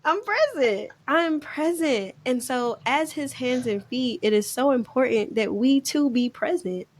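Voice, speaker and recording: A woman's voice: on the high side, normal speed, a little mellow. A woman hosting a faith podcast, talking reflectively and laughing often between thoughts. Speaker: podcast host. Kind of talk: faith-based conversation.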